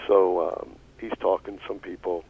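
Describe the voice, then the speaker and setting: A man telling a long, animated story on a radio talk show, swearing casually as he goes. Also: low voice, moderate pace, husky. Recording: tinny phone-like radio audio.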